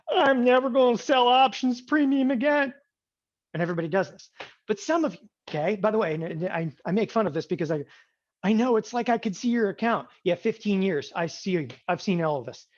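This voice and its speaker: A man teaching an options trading class, animated and sarcastic, often acting out students' voices. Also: sits high. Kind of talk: classroom lecture. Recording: dull lo-fi sound.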